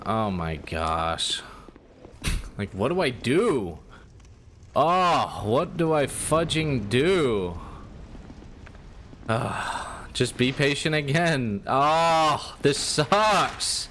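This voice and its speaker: Young male gamer, excitable commentary with lots of exclamations; slow-talking, noisy USB mic. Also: medium pitch. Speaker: let's play gamer. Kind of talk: live gameplay commentary. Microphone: USB desktop microphone.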